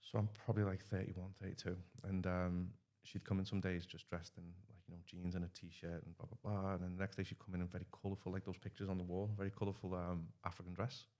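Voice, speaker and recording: A man's voice: deep voice, flat delivery, quick pace, few pauses, darkish tone. A man in his thirties telling rambling stories in a casual podcast chat. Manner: rambling storyteller, acts out quoted dialogue. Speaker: podcast guest.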